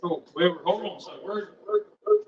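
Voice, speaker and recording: A middle-aged man chatting casually to his livestream viewers, rambling from one thing to the next in a slightly high voice. He sounds set back from the microphone, and the recording is dull and muffled. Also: fairly quick, darkish tone, a little hiss or hum. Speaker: livestream host and home cook. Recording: dull, distant mic.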